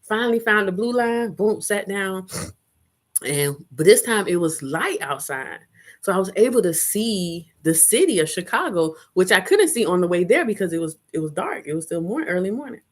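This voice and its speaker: A woman's voice: mid-range voice, normal speed. A woman hosting a casual live chat, telling a rowdy story, swearing freely and acting out what people said. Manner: animated, rowdy, swears freely, acts out quotes. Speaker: vlogger, live chat host. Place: home in Chicago.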